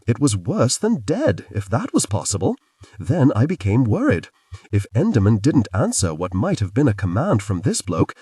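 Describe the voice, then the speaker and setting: A man narrating a fantasy audiobook in a lively, expressive storytelling manner. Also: fairly low pitch, slightly rough, dry recording, clean studio sound, far from the mic.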